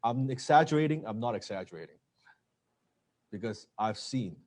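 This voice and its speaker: Male sales coach, animated delivery, acts out dialogue. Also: mid-range voice, normal speed. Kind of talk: coaching talk on closing sales.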